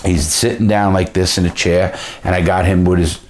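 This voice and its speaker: A man's voice: deep voice, level tone, normal speed, darkish tone, a little hiss or hum. A man telling stories from his past in a blunt, profane way, often restarting his sentences. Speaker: storyteller. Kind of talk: casual storytelling.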